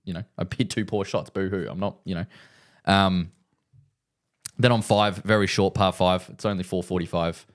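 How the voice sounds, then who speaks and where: A man's voice: deep voice, fairly even intonation, normal speed. A man co-hosting a podcast, telling a long rambling story in casual chat and repeating himself. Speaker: podcast co-host.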